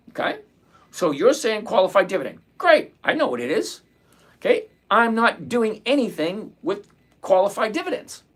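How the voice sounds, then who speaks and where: A man hosting a live trading stream, answering chat and repeating his points emphatically. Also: a little high. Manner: emphatic, repeats key phrases, lectures; reads viewer comments aloud. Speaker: livestream trading host.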